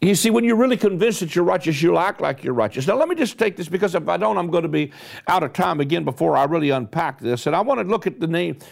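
Guy preaching a sermon, gravelly, kinda high voice, hammers words over and over. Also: lively intonation, fast talker. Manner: emphatic preaching, repeating and stressing words, rising bursts.

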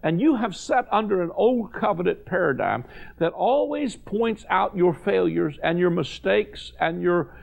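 A man's voice: high-pitched, lively intonation, measured pace, creaky. A man preaching a sermon, paraphrasing scripture in folksy, casual slang. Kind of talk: sermon to a watching audience.

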